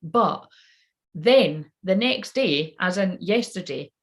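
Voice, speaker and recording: A woman's voice: lowish voice, lively intonation, slow. A woman who works as a spiritual channeler, rambling casually on a live stream, swearing freely and talking straight to her viewers.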